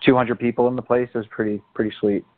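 A podcast co-host from South Florida, with the local accent, chats casually about bands he grew up seeing, a relaxed storyteller who laughs often. His medium-pitched voice moves quickly over a tinny, phone-like line.

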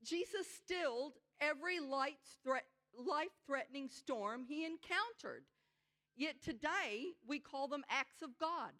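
A woman preaching a sermon in an earnest, conversational way, slowing down to stress her key points. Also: high-pitched, expressive, bright, forceful tone. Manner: conversational asides with frequent "you know".

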